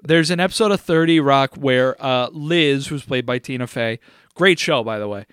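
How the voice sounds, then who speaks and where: A man's voice: medium pitch, normal speed, fairly bright tone, clear, resonant tone, no echo, clean studio sound. A young man co-hosting a podcast, telling a rambling story in a joking, casual way. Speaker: podcast co-host. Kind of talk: casual chat.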